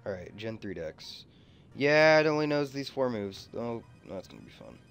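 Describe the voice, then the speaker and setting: A man's voice: mid-range voice, big pitch swings, moderate pace, smooth, soft background music. A man co-hosting a let's play, casually commenting on his game, blunt and swearing freely.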